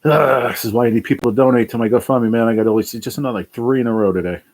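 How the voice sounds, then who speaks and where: A man's voice: medium pitch, very fast, darkish tone. A worn-out man chatting casually on a livestream, reading and answering chat, sighing and swearing now and then. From New Jersey.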